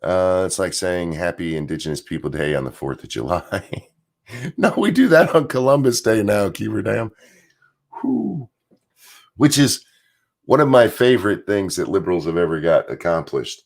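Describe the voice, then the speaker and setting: A man with a strained, hoarse voice, ranting casually as host of a live stream and reading out viewer messages. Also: low voice, animated, normal speed. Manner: blunt, rambling, reads out viewer messages. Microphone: desk mic.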